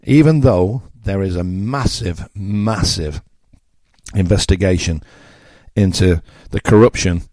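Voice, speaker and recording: Blunt older English radio presenter, low and dry. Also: male voice, takes it slowly, warm tone, no room sound. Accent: Yorkshire English. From England. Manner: blunt, mocking, conversational with asides. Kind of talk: opinionated radio monologue.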